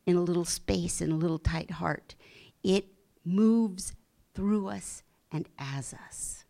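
A woman with a somewhat low-pitched voice delivers an inspirational talk. She speaks gently and earnestly. For emphasis she often sinks to a soft whisper. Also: takes it slowly, gravelly. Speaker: spiritual speaker.

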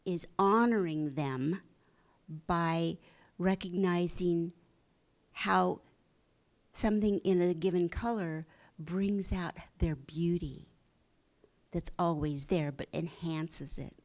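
A middle-aged woman, a spiritual teacher with a lowish voice, gives a gentle, reflective talk. At times she slows down, and now and then her voice sinks to a soft, breathy hush.

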